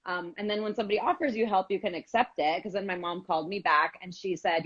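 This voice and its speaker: A woman co-hosting a casual live stream, telling a candid, animated story with some swearing. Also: mid-range voice, fast talker, few pauses, breathy edge, dull audio. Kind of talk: casual chat.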